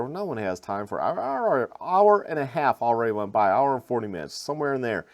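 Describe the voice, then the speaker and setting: A man's voice: mid-range voice, sing-song, fairly quick, few pauses. A man in a casual, rambling vlog retelling a road crash. He repeats words, restarts sentences and adds wry asides. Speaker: vlogger recounting a crash. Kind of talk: casual storytelling to camera.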